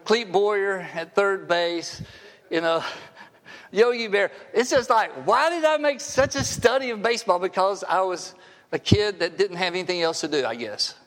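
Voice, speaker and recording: A man's voice: high-pitched, animated, moderate pace, a bit bright. A man in his sixties preaching a sermon in a church sanctuary, conversational with wry asides. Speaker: pastor. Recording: long hall reverb.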